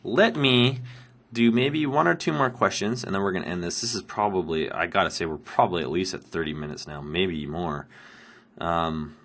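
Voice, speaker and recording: A man's voice: sits low, normal speed, a bit bright. A man who is sick, answering viewer questions while playing a block-building game, rambling with many ums and laughs. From Canada. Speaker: Minecraft let's player answering viewer questions. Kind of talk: casual gameplay commentary.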